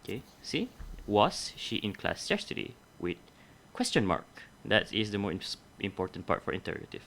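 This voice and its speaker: A man's voice: lowish voice, sing-song, normal speed, gravelly, a bit bright. A young adult man teaching a grammar lesson, explaining methodically step by step and correcting himself along the way.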